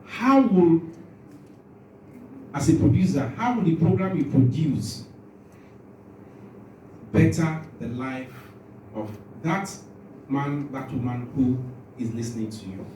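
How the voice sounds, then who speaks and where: A man's voice: medium pitch, lively intonation, slow pace, long pauses, a little mellow, a little hiss or hum. A man leading a training workshop, quizzing the room and joking, a little nervous, his voice shaking. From Nigeria. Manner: asks the room questions, jokes, self-interrupting. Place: large conference room. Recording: echoey room from far off.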